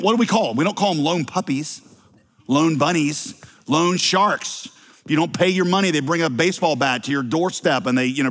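Animated pastor in a reverberant hall. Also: male voice. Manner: storytelling, acts out characters with big pitch swings. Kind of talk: sermon.

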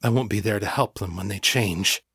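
A man reading a young male incubus priest weighed down by guilt, his voice rough and heavy with emotion. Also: fairly low pitch, moderate pace, fairly bright tone, dry recording, clean studio sound. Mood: grave.

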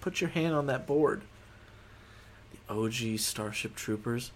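A man's voice: medium pitch, unhurried. A man co-hosting a podcast, joking and laughing in casual banter. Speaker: podcast co-host.

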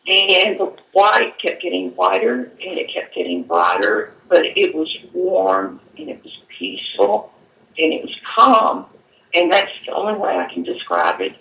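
A woman giving an earnest personal testimony, halting and at times choked up, in an echoey room away from the mic. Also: medium pitch, huge pitch swings, gravelly, sharp tone, recorded from a distance. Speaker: guest telling her story.

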